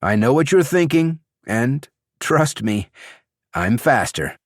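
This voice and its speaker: A man voicing a calm, confident young male warrior who speaks firmly and levelly. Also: medium pitch, slow pace, no echo, studio quality, pitched above the performer's own voice.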